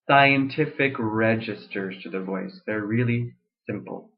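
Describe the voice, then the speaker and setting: A man's voice: on the low side, unhurried. A young man giving a casual voice lesson, explaining vocal registers with fillers and restarts and breaking into sung demonstrations. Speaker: voice teacher. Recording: tinny lo-fi webcam audio.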